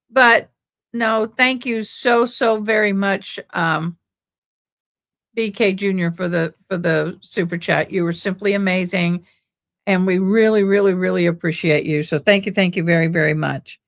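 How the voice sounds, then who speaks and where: A woman's voice: medium pitch, a bit bright. A woman with a Texan accent, hosting a casual livestream and rambling as she thanks viewers. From born in Tennessee, raised in Texas. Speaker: livestream host.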